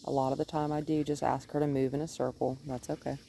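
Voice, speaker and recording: Outdoors, a woman dog trainer talks fast in a creaky voice as she explains a training session, with slight background noise. She stays calm while explaining. When praising the dog, she turns high and sing-song.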